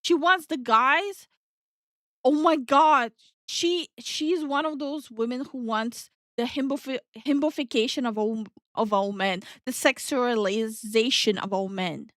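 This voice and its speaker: A woman co-hosting a casual reaction stream, ranting in an exasperated, animated way. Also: high voice, measured pace, no room sound, clean studio sound. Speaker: VTuber co-host.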